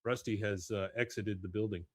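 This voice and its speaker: A man hosting a podcast, casually recapping an episode in an animated way and often chuckling. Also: lowish voice, a little fast, no echo. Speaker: podcast host.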